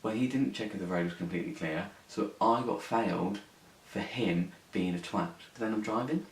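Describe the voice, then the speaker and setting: A man's voice: lowish voice, moderate pace. A young man telling a story on his vlog, sweary, rambling and indignant. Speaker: vlogger. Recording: echoey room, mic at a distance, faint hiss.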